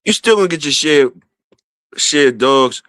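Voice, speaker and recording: A man hosting a casual livestream, shouting out viewers and repeating his phrases. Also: fairly high pitch, lively intonation, measured pace, dry recording. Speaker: livestream host.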